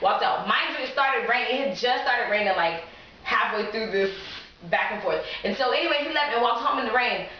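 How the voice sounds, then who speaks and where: Animated woman telling a story, echoey room. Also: brisk, slight background noise. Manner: animated, laughing, acts out quotes in a higher voice. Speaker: vlogger. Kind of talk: casual storytelling to camera. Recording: echoey room, distant lo-fi mic.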